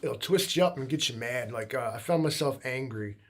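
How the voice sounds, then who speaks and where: A man's voice: mid-range voice, fairly quick. Laid-back rambling man, casual streamer. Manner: laid-back, meandering, with a lot of filler. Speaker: livestream co-host.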